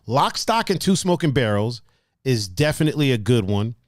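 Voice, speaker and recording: Animated, slangy man hosting a podcast. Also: medium pitch, moderate pace, no room sound, studio quality. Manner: animated, laid-back, slangy, reads out chat comments. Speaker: podcast host. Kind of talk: casual podcast chat.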